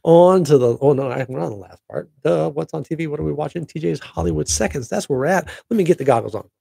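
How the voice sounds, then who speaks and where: Gravelly, rambling male show host. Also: fairly high pitch, fast talker, dry recording. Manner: excitable, rambling, laughing asides. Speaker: podcast host. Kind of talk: casual solo show chat.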